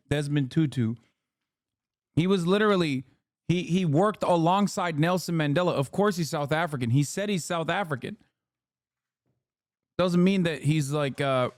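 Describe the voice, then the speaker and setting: Male streamer in his thirties, blunt and profane, fairly high voice, dry close mic. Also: no room sound. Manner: blunt, exasperated, swears freely. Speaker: streamer reacting to a video. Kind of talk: casual livestream commentary.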